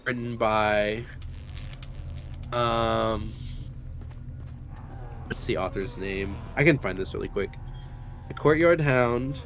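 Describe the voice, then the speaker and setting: A man's voice: fairly low pitch, slow, long pauses, a bit bright, slight background noise. A young man casually talking through a book's chapters while gaming, with a rambling, hesitant manner full of fillers and self-corrections. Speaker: book discussion host. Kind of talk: casual book discussion while playing a game.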